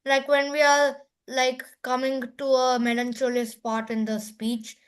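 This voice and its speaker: A young student answering the teacher's question in class, hesitating with many fillers. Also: female voice, high voice, little pitch movement, a little slow.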